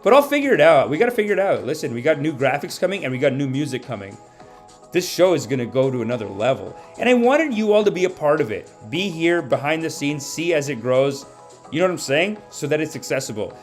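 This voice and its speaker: A man's voice: a little high, very animated, fast talker, soft background music. A man hosting a comedy live stream, ranting casually in a rambling, profane way into a home mic.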